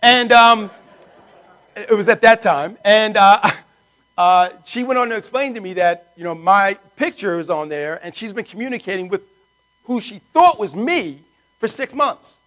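High-voiced energetic male sales presenter. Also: measured pace, rough recording. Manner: energetic, keeps asking the crowd rhetorical questions. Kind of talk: sales pitch to a live audience. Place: meeting room with guests.

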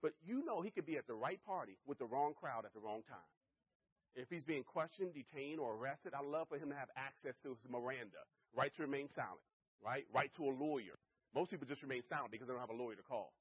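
Upbeat husky man pitching to a crowd. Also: fast talker, lo-fi sound. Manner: energetic, keeps checking in with the audience. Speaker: sales presenter. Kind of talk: live sales presentation. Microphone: handheld or stand mic.

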